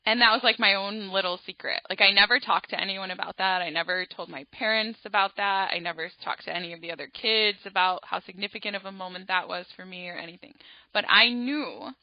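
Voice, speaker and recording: A woman hosting an astrology podcast, telling a personal story in a chatty, animated way full of asides. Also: medium pitch, brisk, no room sound, dull audio. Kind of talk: casual storytelling monologue.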